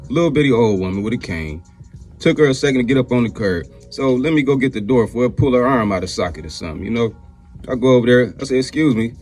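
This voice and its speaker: A man telling a loose, meandering personal story in a casual voice of middle pitch. He swears often and keeps circling back. Faint music plays underneath. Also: a little mellow. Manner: rambling, profane, repeats "you know what I'm saying"; acts out quoted women in a raised pitch.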